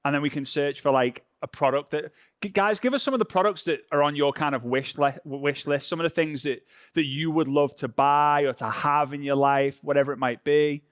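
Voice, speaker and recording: A European man leads an online social media class in a loose, conversational way and keeps checking in with his listeners. His voice sits a little high for a man. The sound is close and dry. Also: a little fast, fairly bright tone, dry recording. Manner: casual, chatty, drops in "right?" checks. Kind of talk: live online training session. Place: home.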